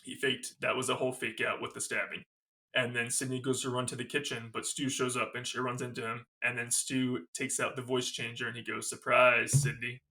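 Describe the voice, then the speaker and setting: Swearing and quoting lines, a podcast co-host gives an animated, scene-by-scene recap of a movie in casual review chat. His voice is medium-pitched and his pace brisk.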